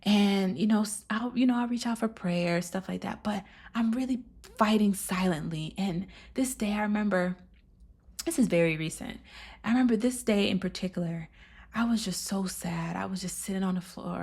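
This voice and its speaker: A woman delivers a personal testimony sermon in an earnest, emotional way, often sinking to a near whisper. Her voice is husky with a gravelly edge. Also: medium pitch, moderate pace, a little mellow. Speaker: speaker giving a devotional message.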